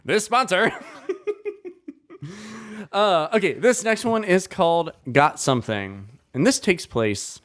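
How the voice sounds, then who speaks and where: Young man, podcast chat, jokey banter, lively rising and falling pitch. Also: measured pace, hardly any pauses. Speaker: podcast co-host.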